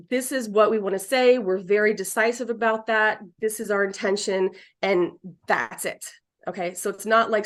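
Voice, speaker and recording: Rambling, animated woman medium. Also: mid-range voice. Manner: rambling, animated, acts out quotes. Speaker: psychic medium. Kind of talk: casual chat.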